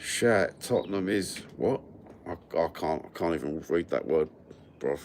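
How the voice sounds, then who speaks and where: Male livestream host, London accent, low voice, casual sweary banter to viewers over a phone mic. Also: lively intonation, unhurried, a little mellow, slight background noise. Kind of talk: casual chat with live viewers.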